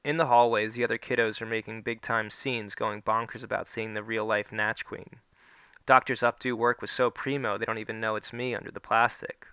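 A man's voice: lowish voice, level tone, fairly quick, pushed and bright, smooth, dry recording. A man narrating a first-person story aloud, giving the characters small shifts of voice.

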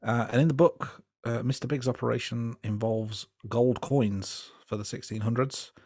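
A man's voice: medium pitch, normal speed, no room sound, studio quality. A man co-hosting a podcast, chatting casually and thoughtfully about a film with frequent hesitations. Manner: relaxed, thoughtful, hesitant with fillers. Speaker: podcast co-host. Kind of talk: casual film review chat.

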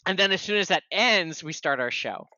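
A man co-hosting a podcast, bright and forward in tone, talking casually with dry jokes. His voice is close and dry on a podcast microphone. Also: sits high, animated, fairly quick, no room sound, dull audio. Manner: dry, joking delivery. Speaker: podcast co-host. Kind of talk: casual chat.

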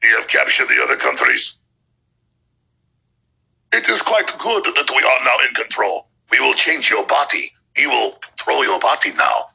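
A man's voice: mid-range voice, huge pitch swings, moderate pace, gravelly, pushed and bright, breathy edge, pitched below the performer's own voice, full character voice, poor audio. A man putting on a mocking impression of a menacing, gloating villain with a vague foreign accent.

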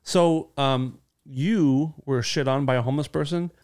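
A man's voice: mid-range voice, steady tone, a little slow, darkish tone, smooth. A man co-hosting a podcast in casual chat, teasing and cracking crude jokes. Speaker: podcast co-host.

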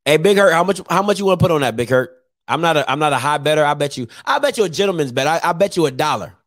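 A man's voice: a little high, lively intonation, rapid-fire, fairly bright tone, no echo, studio quality. A man hosting his own YouTube show, chatting casually and teasing viewers, with lots of fillers. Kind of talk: casual live-stream talk.

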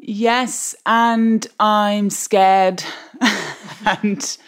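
A woman's voice: medium pitch, very slow, clear, resonant tone. A woman, a podcast guest telling comic anecdotes with lots of laughter. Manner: animated comic storyteller, laughs often. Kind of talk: podcast interview.

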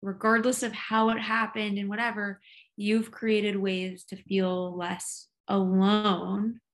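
A woman in a relaxed conversation who responds thoughtfully and supportively. She gropes for words, restarting her sentences as she works through an idea. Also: mid-range voice. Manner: reflective, supportive, halting phrasing. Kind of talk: casual conversation.

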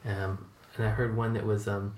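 A man's voice: fairly low pitch, little pitch movement, moderate pace, darkish tone, slight background noise. Chatty American man, roomy sound. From United States. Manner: chatty, rambling, laughs often. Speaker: host. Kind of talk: casual conversational interview.

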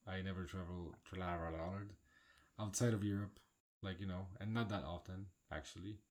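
A man in his thirties with a Polish accent, co-hosting a casual podcast chat in a laid-back way, often trailing off quietly. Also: sits low, fairly even intonation, moderate pace. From Poland. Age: 30s. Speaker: podcast co-host.

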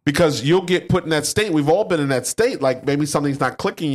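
A man's voice: on the high side, fairly quick. A man co-hosting a podcast, chatting casually about sales and acting out quoted salespeople. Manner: animated, acts out quoted salespeople. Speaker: podcast co-host. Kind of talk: casual business chat.

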